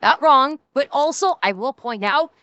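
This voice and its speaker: A woman in her young adult years reacts on stream with a high, lively, bright voice. She talks slowly, curses freely and laughs a lot, recorded dry and close. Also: no room sound, lo-fi sound. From Canada. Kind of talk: casual reaction chat.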